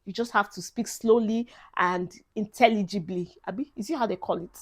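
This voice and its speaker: A young Nigerian woman with a medium-pitched voice gives brisk advice to incoming students in a casual vlog. She talks in a chatty, emphatic way and drops Pidgin phrases into her speech.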